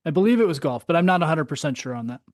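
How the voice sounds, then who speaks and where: A man telling a war story in casual chat, animated, laughing often and cursing freely. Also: fairly high pitch, racing, dry recording, clean studio sound. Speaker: podcast host, Marine veteran.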